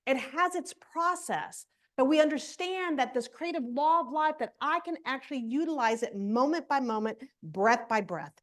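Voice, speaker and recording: A woman minister with a bright, high voice teaches a spiritual lesson. She keeps it conversational and chatty, checks in with her listeners, and laughs easily along the way. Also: lively intonation, normal speed, few pauses. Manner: conversational, often asks "right?", laughs easily.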